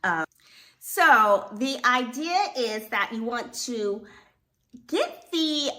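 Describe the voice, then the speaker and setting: A woman acting teacher explaining a scene, animated and acting out little examples as she talks. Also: a little high, very slow. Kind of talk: instructional video.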